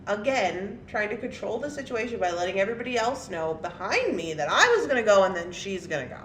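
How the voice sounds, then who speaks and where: A woman's voice: medium pitch, fairly quick, hardly any pauses, slight background noise. A woman hosting her craft channel, telling a blunt story to viewers in a casual, laughing way, in an echoey room. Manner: animated and blunt, laughing often. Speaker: craft and jewelry channel host. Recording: echoey room with faint ambience.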